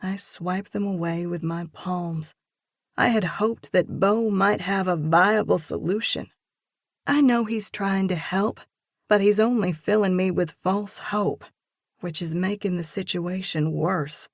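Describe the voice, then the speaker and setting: Slow, measured woman narrating. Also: on the low side, no room sound, clean studio sound. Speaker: audiobook narrator. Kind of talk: first-person audiobook narration.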